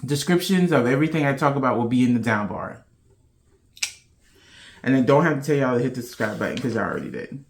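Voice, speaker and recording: A woman's voice: rumbling low, lively intonation, quick pace, pauses often. A woman hosting a podcast in casual chat to camera, playful and loose, with slangy talk. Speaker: podcast host.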